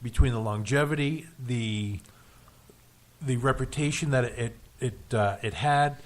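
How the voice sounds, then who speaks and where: A man co-hosting a casual radio show in a studio, talking in halting restarts with dry jokes. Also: mid-range voice. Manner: hesitant, restarts often, dry joking.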